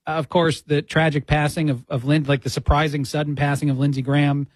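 A man's voice: a little high, flat delivery, brisk, no echo. Opinionated male talk radio host. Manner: opinionated, with frequent "uh" fillers.

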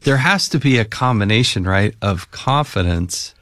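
Male host, somewhat low pitch, easygoing reflective talker; dry studio sound. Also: expressive, normal speed, fairly bright tone, dry recording. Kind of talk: casual conversation.

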